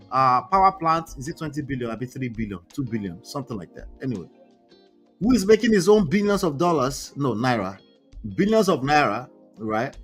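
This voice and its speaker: Chatty man hosting commentary. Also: fairly high pitch. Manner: chatty, reads out posts and reacts with asides. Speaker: relationship commentary host. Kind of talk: casual live-stream commentary.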